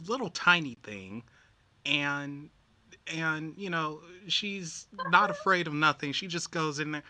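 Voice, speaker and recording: A man's voice: fairly high pitch, sing-song, unhurried, pushed and bright, dry recording. A man from Texas with a Texan accent, co-hosting a casual chat, telling stories and reading out comments. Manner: easygoing storyteller, reads out comments. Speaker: co-host.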